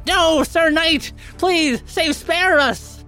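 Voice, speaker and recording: A cowering goblin squeals and begs in a thin, shrill whine, as a man puts it on for the table. The voice jumps far above a normal speaking register. Faint music sits behind it. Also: drawn-out words, bright, forceful tone, full character voice. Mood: pleading. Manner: high whiny begging. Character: panicked pleading male goblin.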